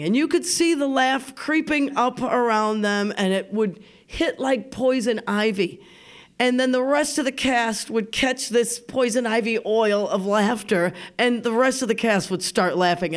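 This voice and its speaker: Woman storyteller, live radio studio, chatty and quick to laugh. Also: mid-range voice. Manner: chatty, laughs often, acts out remembered voices.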